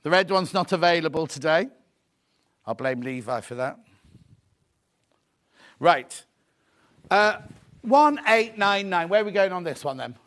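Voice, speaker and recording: Man, high-pitched voice, chatty excitable sales host, repeats himself. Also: a little slow, long pauses. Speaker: shopping show host. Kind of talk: live sales presentation.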